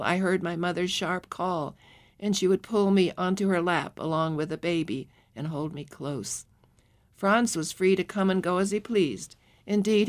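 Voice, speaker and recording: A woman with a low voice reads a memoir audiobook. Her narration is measured and calm, paced for listening.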